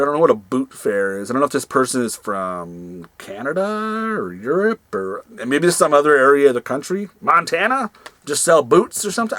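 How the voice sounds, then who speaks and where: A man's voice: medium pitch, fairly bright tone, dry recording. A man who resells goods, chatting casually in a rambling way with many asides. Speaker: reseller vlogger. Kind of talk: casual storytelling vlog.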